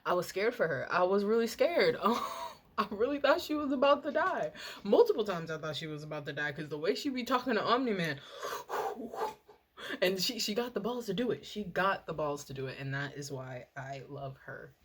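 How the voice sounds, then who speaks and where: A young woman chatting casually while doing her makeup, rambling and excitable, swearing and laughing often. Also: medium pitch, moderate pace, a little hiss or hum. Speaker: makeup and TV review vlogger.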